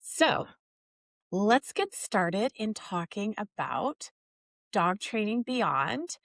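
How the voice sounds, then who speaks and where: A woman's voice: medium pitch, sing-song, extremely slow, gravelly, a bit bright, no room sound. Chatty woman podcast host, dry sound. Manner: chatty, hesitant with fillers, enthusiastic. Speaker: podcast host, dog trainer. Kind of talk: casual interview chat.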